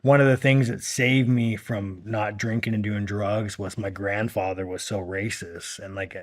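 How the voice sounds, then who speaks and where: A somewhat low-pitched man in his thirties, talking as a guest in a casual long-form interview. He swears constantly and speaks bluntly, rambling through his points with plenty of "like" and "you know.". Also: fairly even intonation, measured pace. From United States. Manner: blunt and heavily profane, rambling with fillers. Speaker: podcast guest.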